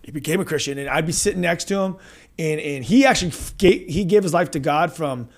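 This is a man hosting a laid-back podcast conversation about faith. His voice sits a little high and has a gravelly texture. He talks with casual enthusiasm and relaxed slang. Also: a little fast. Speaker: podcast host.

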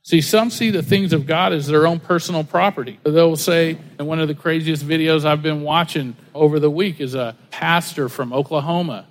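A man with a rather high voice preaching a sermon in a loose, chatty way. He slips into quick impressions while telling stories. His voice rings out with a long reverb, as in a church sanctuary. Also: steady tone. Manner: conversational, storytelling with acted-out quotes. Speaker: pastor.

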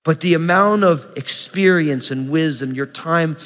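A young pastor with a somewhat high voice preaches earnestly, mixing scripture reading with casual asides. His voice rings with the long reverb of a church sanctuary. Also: measured pace, fairly bright tone. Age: young adult. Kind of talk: sermon.

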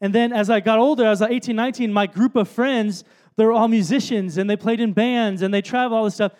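A man's voice: sits high, fairly even intonation, fast, a little mellow. A man, giving a casual, storytelling sermon full of fillers and self-deprecating asides. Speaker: speaker at a worship event.

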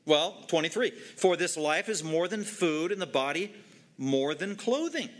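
A man's voice: a little high, animated, unhurried, fairly bright tone. A man preaching a sermon, emphatic and repetitive, driving home short commands. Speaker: pastor.

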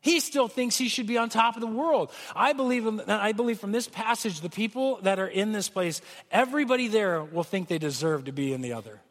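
Male pastor, earnest sermon delivery, high voice, recorded in a reverberant church hall. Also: animated, brisk, hardly any pauses, a bit bright. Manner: earnest preaching, acts out pleading quotes.

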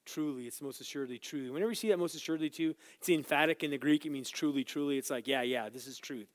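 A man teaching a Bible lesson as a sermon, swinging between loud, emphatic scripture reading and quiet, casual asides to his listeners. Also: on the high side, no echo. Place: church room with small group.

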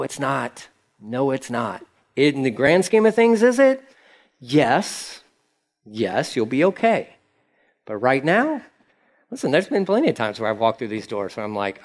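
A man's voice: mid-range voice, very animated, normal speed. A man preaching a sermon as pastor, in a casual, conversational manner with slangy asides.

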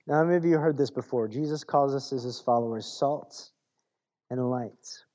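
Mellow-voiced preacher, rhythmic and emphatic. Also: medium pitch, moderate pace. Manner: rhythmic lists and rhetorical questions; reads scripture aloud. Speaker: pastor. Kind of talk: sermon.

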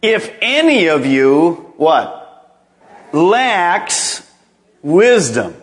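A man's voice: on the high side, big pitch swings, extremely slow. A middle-aged male pastor preaching a sermon, emphatic and calling on the congregation to repeat phrases after him. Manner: emphatic, calls for congregation responses.

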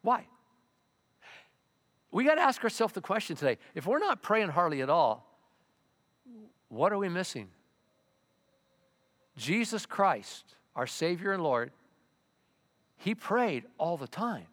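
Impassioned older pastor in a hall. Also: male voice, sits high, sing-song, slow pace, long pauses, fairly bright tone. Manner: impassioned, repeats words, acts out prayers. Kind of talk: sermon. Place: church sanctuary. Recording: long church hall reverb.

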